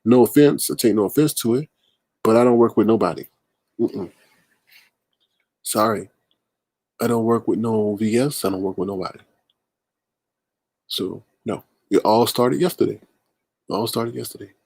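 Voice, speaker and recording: A man hosting a livestream, commenting casually and answering chat comments with emphatic, animated talk. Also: on the low side, normal speed, vocal fry, long pauses, breathy edge, no echo. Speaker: livestream host.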